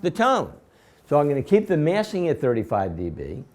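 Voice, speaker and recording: A man with a slightly high voice lectures his class. He explains each step methodically and repeats himself for emphasis. He keeps stopping to quiz his students with quick questions. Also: wildly swooping pitch, darkish tone. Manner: quizzing students with rhetorical questions. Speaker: instructor.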